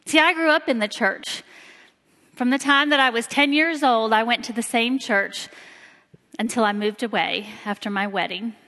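A woman from Indiana gives a personal talk in a church sanctuary, telling stories with slow, emphatic phrasing. Her voice sits slightly high and sounds bright and crisp. Long reverb from the hall trails behind each phrase. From Indiana, USA. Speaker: lay speaker giving a church talk.

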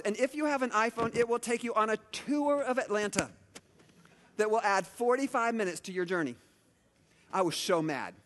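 Chatty middle-aged male pastor, higher voice. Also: fairly bright tone, big-room sound, a little hiss or hum. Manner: chatty storytelling, many asides and restarts. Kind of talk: conversational sermon.

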